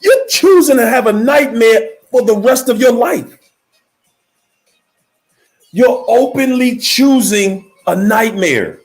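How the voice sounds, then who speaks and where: A man giving a motivational speech in an emphatic, repetitive preaching cadence, slowing down to stress key words, with faint music behind. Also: very high voice, expressive. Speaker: motivational speaker.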